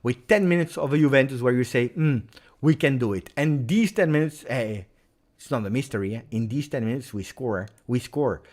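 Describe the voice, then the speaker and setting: A man's voice: mid-range voice, fairly quick, a little mellow. A man hosting a live football reaction stream, agitated and emphatic, repeating his points. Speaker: football channel host.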